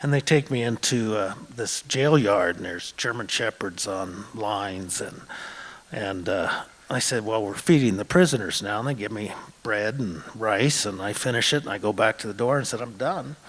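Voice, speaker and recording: A man in his sixties from Montana telling a true story on stage, conversational, often pausing on "uh" and repeating words. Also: fairly low pitch, a bit bright. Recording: long hall reverb.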